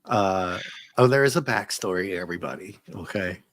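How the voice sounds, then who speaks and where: A man's voice: low voice, lively intonation, normal speed, fairly bright tone, slight background noise. A man hosting a casual comic book review, chatty, laughing often and restarting his sentences.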